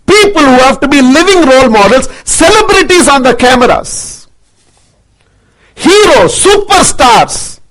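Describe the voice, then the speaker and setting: A man giving an impassioned, forceful speech to an audience, intense and repetitive in his rhetoric. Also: very high voice, poor audio. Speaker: motivational speaker.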